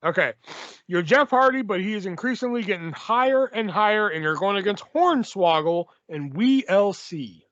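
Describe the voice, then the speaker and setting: Male podcast host, high voice, laughy, lo-fi. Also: lively intonation, normal speed, fairly bright tone, dry recording. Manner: laughs often, runs the segments. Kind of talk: casual chat. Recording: dull lo-fi dry podcast mic.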